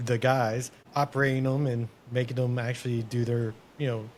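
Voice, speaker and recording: Male host, mid-pitch, reflective, word-searching, faint hiss. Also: flat delivery, moderate pace. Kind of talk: conversational interview.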